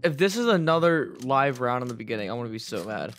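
A man's voice: medium pitch, sing-song, fast talker, a bit bright, soft background music. A young man giving gameplay commentary, swinging between nervous muttering and frustrated outbursts. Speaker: gaming YouTuber.

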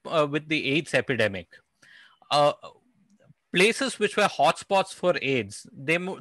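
A man's voice: on the high side, pushed and bright, dry recording. A man moderating a panel discussion, reading out audience questions with frequent fillers.

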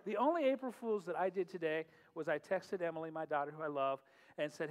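A middle-aged pastor with a high-pitched voice hosts a worship night, talking fast with casual humor, chatting, laughing often and leading prayer. The church sanctuary gives a long, echoing reverb, with faint music in the background.

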